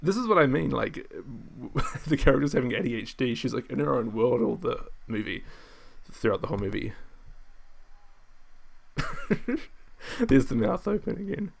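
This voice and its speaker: Rambling, gravelly-voiced male streamer. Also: mid-range voice, very animated, fairly quick. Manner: rambling, laughs often, mocking. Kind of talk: casual commentary while watching a film.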